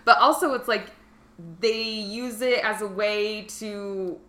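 A woman's voice: mid-range voice, steady tone, slow, sharp tone. A woman guest on a podcast, chatting casually and imitating people in her stories. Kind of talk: casual chat.

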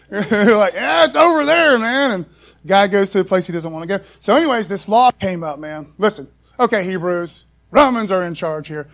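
A man preaching a casual, folksy sermon full of asides to the congregation. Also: sits high. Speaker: pastor.

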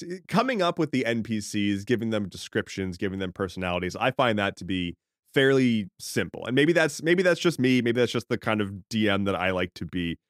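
A man's voice: lowish voice, no echo, clean studio sound. A man co-hosting a casual podcast as a game master, explaining his thinking at length with joking asides. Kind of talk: casual podcast chat about tabletop games.

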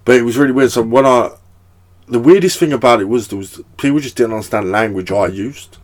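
A man's voice: medium pitch, quick pace. Chatty young Essex man. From Essex, England. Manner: rambling storyteller, laughs often, swears freely. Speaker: podcast guest. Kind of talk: casual chat.

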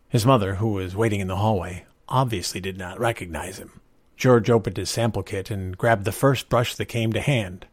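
Low-voiced man reading a story aloud. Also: normal speed, no echo. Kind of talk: storybook narration.

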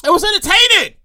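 A woman hosting her own show, ranting in casual commentary, swearing freely and acting out what people said. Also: very high-pitched. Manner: animated, profane, acts out quotes. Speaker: show host.

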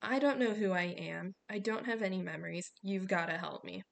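A woman's voice: mid-range voice, brisk, vocal fry, lightly acted. A woman voicing a confused, earnest teenage boy who has lost his memory and asks urgent questions. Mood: bewildered.

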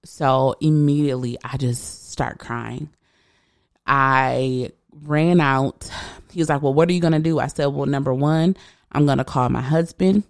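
A woman's voice: rumbling low, measured pace, no echo, studio quality. A woman tells an emotional personal story and acts out the people she quotes. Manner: animated retelling, acting out the people she quotes. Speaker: podcast host sharing her birth story.

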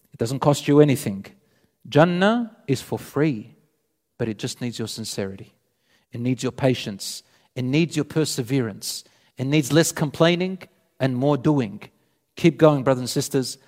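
A man preaching a sermon, retelling a story with animated delivery and voicing both sides of the dialogue. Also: medium pitch. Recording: long hall reverb.

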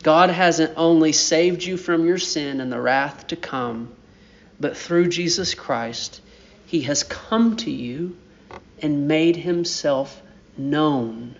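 Pastor, male, higher-pitched voice, unhurried sermon delivery with emphatic peaks, muffled lo-fi recording. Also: creaky. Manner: deliberate preaching with rising emphatic peaks.

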